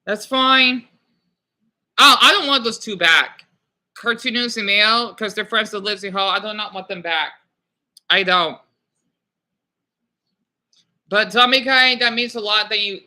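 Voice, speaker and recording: A young man talks loosely to his livestream chat in a very bright, sharp-edged voice. He rambles from one thought to the next, scolds commenters and hushes his dogs. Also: high voice, moderate pace. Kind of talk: casual livestream chat with viewers.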